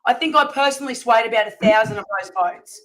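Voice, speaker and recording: A woman's voice: a little high, fast, a bit bright, poor audio. A woman on a talk panel, telling a story in casual chat and acting out the people she quotes. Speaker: campaign volunteer and panel guest.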